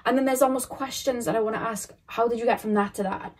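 A woman's voice: on the high side, steady tone, fast, husky. A young woman giving a casual tarot reading, talking in a rambling, questioning way with many fillers and restarts. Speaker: tarot reader.

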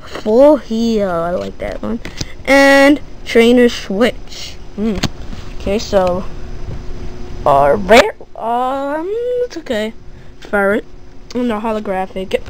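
Woman, higher voice, slow unhurried delivery, casual unboxing chat, excitable, faint noise behind. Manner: gushing, excitable, breaks into squeals; lists items slowly, thinking aloud. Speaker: card opening vlogger.

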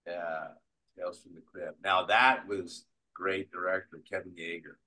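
Deep husky-voiced older male actor. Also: a little slow, rough recording. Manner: animated storyteller who acts out quotes. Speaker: guest actor. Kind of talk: conversational interview storytelling.

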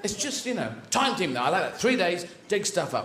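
Male stand-up, excitable and rambling, fairly high and animated; echoey live room with noise. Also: brisk, hardly any pauses. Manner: rambling, excitable, swears freely, jumps into voices. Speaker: stand-up comedian. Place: live comedy venue.

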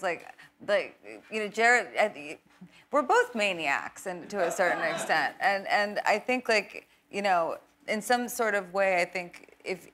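Laughing woman guest telling stories. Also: lowish voice. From New York. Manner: animated, laughing storyteller. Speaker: talk show guest. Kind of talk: casual chat.

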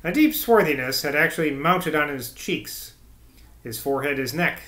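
A man narrating a classic novel as an audiobook reader, in a measured literary manner. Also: on the high side, expressive, pushed and bright. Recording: echoey room.

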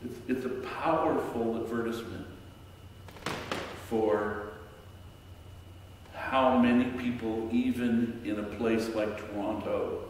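Male minister, unhurried reflective sermon delivery, long church reverb, faint room hum. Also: fairly low pitch, steady tone, darkish tone. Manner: slow, reflective preaching with pauses. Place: church sanctuary. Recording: echoey church hall from far off.

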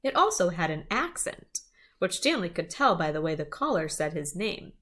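A woman's voice: lowish voice, normal speed. A woman reading a children's chapter book aloud, with small asides to her listeners. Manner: lively storytelling, small asides.

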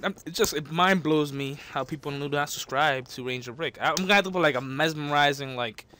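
Doing let's-play commentary, this excitable gaming channel host lurches between abrupt yelps and quiet muttering while trash-talking the opposition.

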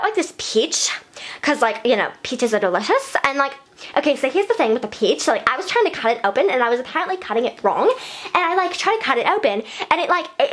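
A woman's voice: on the high side, fairly bright tone. A woman voicing a vain, ditzy female fashion doll, rambling in breathless valley-girl chatter in a hyper improvised vlog. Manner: rambling and scatterbrained. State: breathless from talking fast. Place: bedroom at night.

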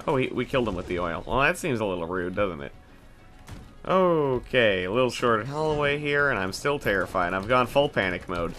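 A man's voice: lowish voice, sharp tone. A young man casually commenting on his own gameplay, cursing, joking and mocking himself, with bursts of mock panic. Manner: jokey, profane, self-mocking, quick bursts of panic. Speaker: gaming video host. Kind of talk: casual let's play commentary.

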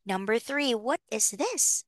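Bright, slow-spoken woman teaching phonics. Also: fairly high pitch, lively intonation, a little hiss or hum. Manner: patient, encouraging, spells letters slowly, laughs often. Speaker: online English teacher. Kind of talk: phonics lesson with a young child.

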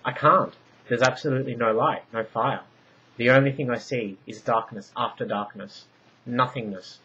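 A man's voice: medium pitch, animated, moderate pace, a bit bright, lightly acted. A man reading a story aloud, voicing an anxious Minoan queen who pleads and presses with urgent questions. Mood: pleading. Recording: dull lo-fi recording.

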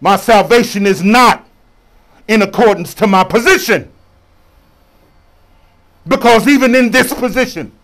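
A man preaching a sermon as a bishop, colloquial and preacherly, calling out to his congregation for responses. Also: high-pitched.

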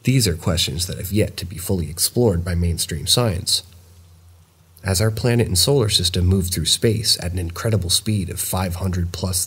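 A man reading first-person horror stories in a measured, steady storytelling delivery. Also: deep voice, breathy edge. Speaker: narrator of viewer-submitted stories.

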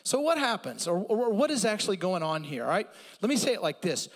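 A man preaching a sermon as pastor, animated and conversational, with asides to the congregation. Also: sits high, brisk, in a large hall. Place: church.

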